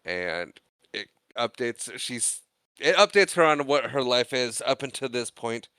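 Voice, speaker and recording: A man's voice: mid-range voice, animated, unhurried, sharp tone, clean tone, no room sound. A man co-hosting a podcast, casually recapping a movie scene by scene and acting out the characters' lines in exaggerated voices. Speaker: podcast co-host.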